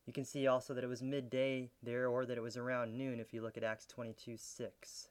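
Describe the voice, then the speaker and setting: A man preaching a sermon as a pastor, teaching in an earnest way with soft laughs and growing intensity. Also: medium pitch, completely flat delivery, fairly quick.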